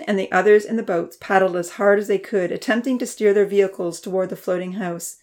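A woman narrating a children's storybook, voicing the characters with a higher pitch and dropping to a whisper for quiet thoughts. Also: steady tone, fairly quick, hardly any pauses. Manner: reads characters' lines with raised pitch and soft whispers.

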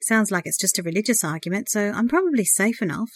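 A woman's voice: medium pitch, animated, fast talker, no room sound, studio quality, lightly acted. A woman reading as a cold, hesitant young woman. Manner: inner thoughts, hesitant. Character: cold, cautious young woman thinking to herself.

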